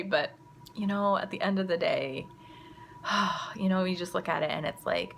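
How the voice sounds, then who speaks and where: Chatty mom vlogger, kinda low and gravelly, says like a lot. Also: female voice, moderate pace, fairly bright tone, a little hiss or hum. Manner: chatty, lots of "like" and "you know". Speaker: mother and vlogger. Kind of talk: casual storytelling to camera.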